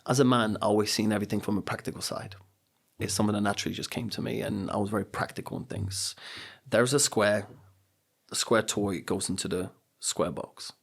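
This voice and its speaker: A man's voice: on the low side, fairly even intonation, fairly quick, gravelly, slightly rough. A middle-aged man, a coach and speaker, telling personal stories on a podcast in an earnest, motivational way. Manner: earnest, motivational, acts out quotes. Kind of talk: reflective podcast storytelling.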